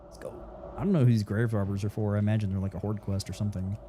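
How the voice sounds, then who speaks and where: A man streaming a game gives casual, rambling commentary, swearing freely, his throat dry. Recorded on a studio desk mic with slight background noise, his fairly low, mellow voice races along at a steady tone.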